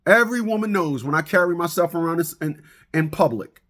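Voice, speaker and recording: A man ranting comically to his viewers, animated, stammering and laughing at his own jokes. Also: on the high side, brisk. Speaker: vlogger. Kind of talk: comic rant to camera.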